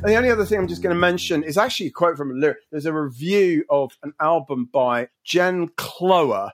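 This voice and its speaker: A man's voice: on the high side, fairly quick, faint music behind. Amused man hosting a podcast. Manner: amused, rambling, laughs often. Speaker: podcast host. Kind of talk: casual podcast chat.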